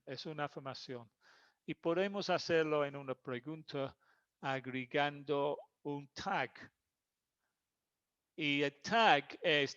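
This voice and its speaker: A man teaching an online English class, explaining grammar slowly and switching between English and Spanish. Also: fairly high pitch, fairly bright tone. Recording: dull lo-fi sound.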